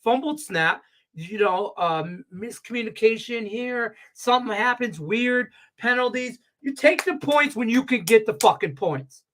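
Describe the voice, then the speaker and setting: This Las Vegas sports betting show features a man with an extremely high pitch who rants without hurrying, and there's slight background noise. His casual tirade is profane, heated and animated, and his voice is congested from blocked sinuses.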